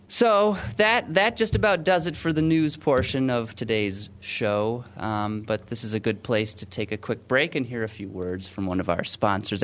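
Man, podcast host, casual news chat, joking, mid pitch. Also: a bit bright. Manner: joking, laughs often while reading.

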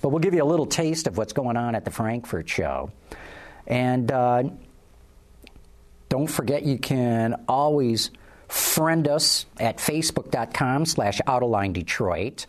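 A man's voice: medium pitch, expressive, measured pace. A man hosting a casual talk show, rambling and restarting his sentences. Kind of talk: casual panel chat.

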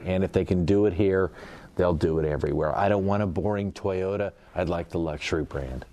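Middle-aged man with a deep voice; animated anecdotal panelist, laughs easily. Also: fairly quick. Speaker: former auto industry PR man, panelist. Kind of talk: casual podcast chat.

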